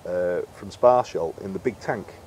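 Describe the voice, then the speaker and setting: In a casual storytelling interview, a middle-aged guest who fishes for carp and makes bait recounts his angling tales chattily, performing the quoted lines himself. He speaks at a measured pace in a deep, slightly mellow voice, with a touch of background noise.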